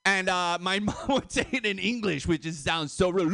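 A man doing a stand-up comedy set, animated and laughing at his own jokes. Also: high-pitched, normal speed, vocal fry, hardly any pauses, no room sound, clean studio sound.

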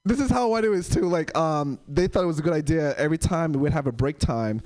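A young man doing stand-up, telling stories and acting out characters in a high voice. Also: fairly quick. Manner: animated, acts out characters in a high voice. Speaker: stand-up comedian. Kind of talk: stand-up storytelling.

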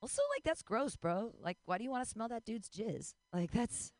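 Bawdy woman comedian with a lively voice. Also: on the high side, moderate pace, no echo. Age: 40s. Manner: bawdy, rambling, bursts into squeals and laughs. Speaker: stand-up comedian. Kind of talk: stand-up comedy set.

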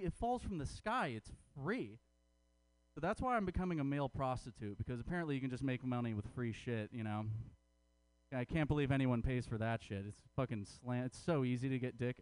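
Animated crude stand-up man, lively pitch. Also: fast talker, no room sound. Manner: animated, crude, self-mocking. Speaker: stand-up comedian. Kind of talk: stand-up comedy set.

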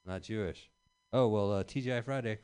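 A man in his thirties performing a rambling stand-up set with deadpan delivery in a small venue. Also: fairly low pitch, a little fast, smooth. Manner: rambling deadpan delivery with bursts of loud emphasis. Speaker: stand-up comedian. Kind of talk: stand-up set at an open mic.

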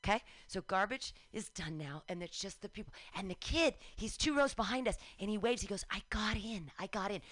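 A woman in her forties telling a lively personal story on a radio talk show, acting out her own shouts and cheers. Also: mid-range voice, a little fast, hardly any pauses, dry recording.

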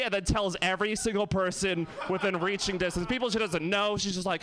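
Rambling young stand-up comic. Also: male voice, high-pitched, brisk, hardly any pauses, bright, forceful tone. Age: 20s. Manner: rambling, laughs at own jokes. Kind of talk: stand-up comedy set.

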